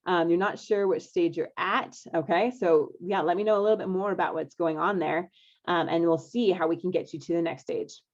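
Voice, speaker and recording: A woman's voice: on the low side, steady tone, brisk, darkish tone. A woman coaching couples in a live online masterclass, upbeat and coaxing, often checking in with her listeners. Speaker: marriage coach hosting a live webinar. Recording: dull lo-fi webinar audio.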